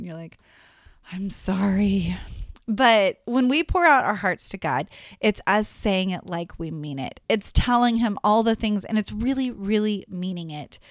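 A young woman telling a Bible story to children, friendly and animated, with chatty asides. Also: mid-range voice, dry recording, clean studio sound. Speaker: children's Bible lesson teacher. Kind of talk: Bible story lesson for kids.

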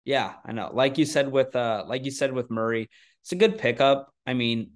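Male podcast co-host, mid-pitched, loose and rambling, quick to laugh at himself. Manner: rambling and self-deprecating, with frequent restarts. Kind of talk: casual sports chat.

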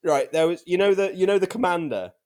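A man's voice: high-pitched, lively intonation, fast talker, a little mellow. A man co-hosting a podcast, telling stories with a laugh and some swearing. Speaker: podcast co-host. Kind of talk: casual banter.

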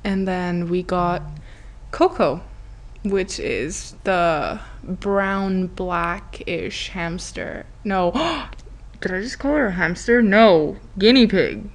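A woman's voice: lowish voice, slow. A woman hosting a podcast, telling a story in a chatty, giggly way, full of "like" and acted-out quotes. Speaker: podcast host. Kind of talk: casual storytelling monologue.

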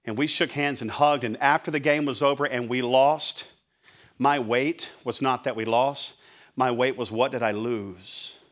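A middle-aged man preaching as a pastor, telling an animated sermon story and acting out his own shouting. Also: mid-range voice. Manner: animated, acts out his own yelling at a referee.

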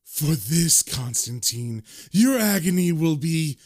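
A regal male devil, barely holding his rage, as a man reading a comic puts him on. He speaks in grave, measured threats that sink low and quiet. The tone is cold and menacing. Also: big pitch swings, heavily acted.

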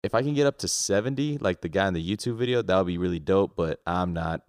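Deep-voiced young man, loose and profane. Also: quick pace, no echo, clean studio sound. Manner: loose, profane, self-mocking. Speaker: podcast co-host. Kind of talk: casual chat.

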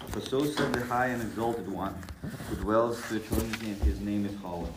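A man reading a text aloud in a class, careful and measured. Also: fairly low pitch. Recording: roomy, distant mic, faint noise.

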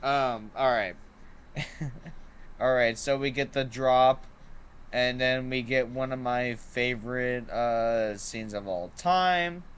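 A man chats casually as a podcast host. His voice is bright and forward. He rambles with eager energy, leaning on "like" and "um" between thoughts. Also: medium pitch, slow, smooth, muffled recording. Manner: excited and rambling, heavy use of "like" and "um". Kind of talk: casual movie review chat.

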